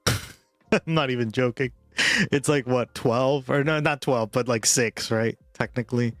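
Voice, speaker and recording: A man's voice: medium pitch, steady tone, unhurried, no echo. A man livestreaming and chatting casually with viewers, rambling and full of "like" and "right?", with faint music behind him.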